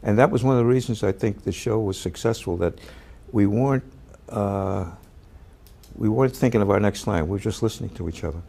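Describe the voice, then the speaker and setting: An older actor with a lowish, gravelly voice reminisces about a past part in halting, filler-heavy storytelling full of restarts. At times he shouts the lines he quotes.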